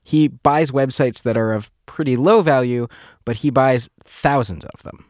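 A man hosting a podcast, explaining a story to his co-host in a deliberate, measured way. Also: medium pitch, darkish tone, no room sound, clean studio sound.

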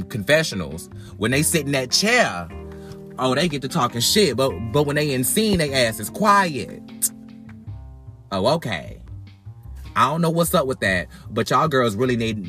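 A man hosting a podcast, ranting bluntly and profanely about reality TV in a casual, animated way, often repeating words as he goes. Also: mid-range voice. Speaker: podcast host.

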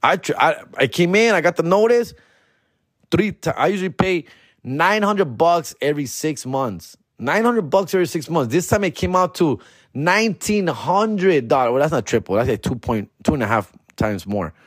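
A man hosting a comedy podcast and telling a profane, slangy story, dropping in Spanish slang and jumping high in pitch when he quotes himself. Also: animated, moderate pace, no room sound, studio quality. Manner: jumps high in pitch for his own quoted outbursts. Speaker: podcast host.

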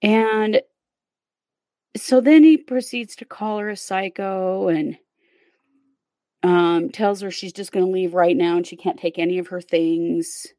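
A woman's voice: lowish voice, measured pace, dark tone, no room sound. A woman hosting a podcast, telling a true crime case in a casual, step-by-step way with fillers. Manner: conversational, recounts events step by step with fillers.

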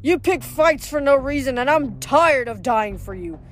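A woman's voice: high-pitched, animated, moderate pace. A woman voicing a tired, grumbling male cowherd in a storybook reading.

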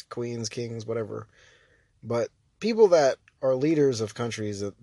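A man's voice: mid-range voice, no echo. An American man ranting casually about politics, rambling with many fillers and restarts, sounding exasperated. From United States. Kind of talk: casual opinion rant.

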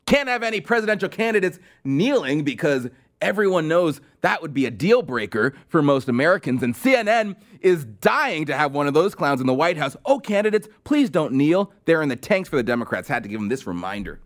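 Sarcastic man ranting with lively pitch. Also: a little fast. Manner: sarcastic and mocking, with rising exasperated outbursts. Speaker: podcast host. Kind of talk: political commentary monologue.

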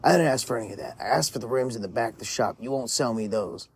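A man's voice: medium pitch, animated, fast talker, breathy edge. A man voicing a rude, demanding male customer with a Southern US drawl, curt and swearing.

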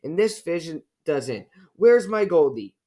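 A man voicing a young girl bear from a storybook, speaking in a high, pleading voice. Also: moderate pace, darkish tone, lightly acted. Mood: upset. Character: young girl bear, devoted to her goldfish.

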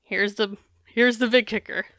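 A woman hosting a podcast, her voice bright and crisp. She reads a memoir excerpt aloud, then drifts into loose, candid chat full of fillers and the odd curse. The sound is dry and close. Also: a little high, fairly even intonation, normal speed, dry recording. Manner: candid, swears freely, filler-heavy. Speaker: podcast co-host.

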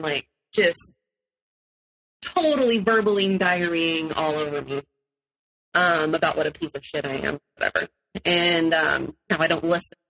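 A woman's voice: sits low, measured pace, low-quality recording. A woman guest in an interview, telling her personal story animatedly and acting out what people said. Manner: animated, acts out quotes, laughs often.

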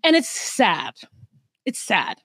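A woman's voice: medium pitch, takes it slowly, breathy edge, no room sound, clean studio sound. A woman co-hosting a podcast, chatting casually about a reality show and acting out the people in it. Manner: animated, acts out voices of people she retells. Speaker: podcast co-host.

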